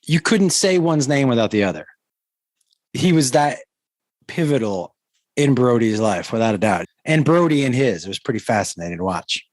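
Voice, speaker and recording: A man of ordinary pitch tells quick stories about a comedian friend and acts out the lines that were traded. His voice sits close to the mic, dry and free of room sound. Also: no echo. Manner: lively anecdote-teller, acts out dialogue. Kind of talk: anecdotal storytelling.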